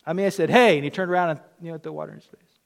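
A middle-aged male pastor preaching a sermon, telling personal stories in an animated way, acting out quotes and dropping to a near whisper at times. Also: fairly high pitch, rapid-fire, gravelly.

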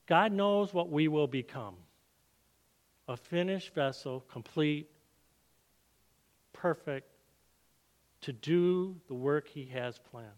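A man giving an earnest sermon testimony and leading prayer in a church, growing soft and low as he prays. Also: slow, pauses often, long reverb tail.

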